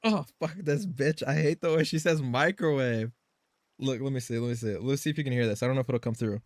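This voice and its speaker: A man's voice: mid-range voice, quick pace, dry recording, studio quality. Profane, rambling male streamer. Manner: profane, loose and rambling, laughing often. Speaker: game streamer. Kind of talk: casual chat while live streaming.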